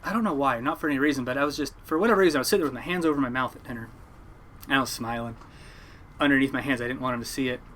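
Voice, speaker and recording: A man's voice: medium pitch, rapid-fire, slight background noise. A young man, a fishing boat captain, telling a rambling story in casual chat and acting out what others said. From Oregon, United States. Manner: rambling, animated, acts out quotes.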